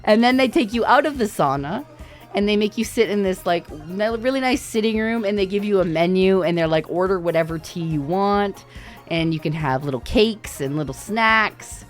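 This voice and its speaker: A woman's voice: medium pitch, lively intonation, normal speed. A woman livestreamer telling a story in a casual way, laughing often and swearing freely. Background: faint background music.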